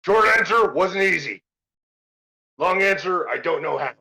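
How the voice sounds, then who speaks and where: A man voicing a nonchalant adult male half-orc adventurer who stays calm and understated even in danger. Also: high voice, a little slow, vocal fry, exaggerated voice, low-quality recording. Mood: dry.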